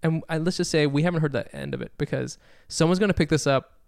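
A young man co-hosting a podcast, chatting casually in an animated, profane, joking way. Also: on the high side, fast talker, creaky, dry recording, clean studio sound. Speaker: podcast co-host. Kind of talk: casual chat.

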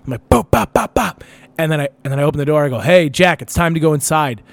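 A man's voice: on the high side, very fast, dry recording. A young man telling a wild story on a casual talk show, swearing often and acting out what people said. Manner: animated, profane, acts out quotes.

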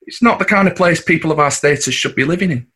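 A man's voice: on the high side, fast, sharp tone, breathy edge. An actor with a Mancunian accent playing a scheming, boastful working-class husband and father, cocky and coarse. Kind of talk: audio drama acting.

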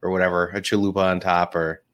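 Man, lowish voice, podcast co-host, rambling casual chat. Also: flat delivery, fast talker, muffled recording, background noise. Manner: rambling, many fillers and restarts.

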